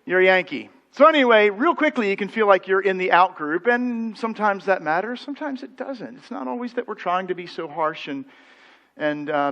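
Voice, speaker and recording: A man's voice: fairly high pitch, a bit bright, muffled recording. A middle-aged American man preaching a sermon as pastor, telling anecdotes with quoted voices. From United States. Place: church sanctuary.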